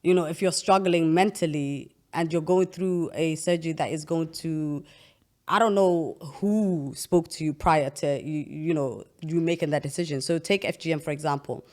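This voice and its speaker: A young woman with a low-pitched voice talks through a serious subject in a casual interview. She explains at length and earnestly, often restarting her sentences as she goes. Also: steady tone, moderate pace, a little mellow. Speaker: podcast host.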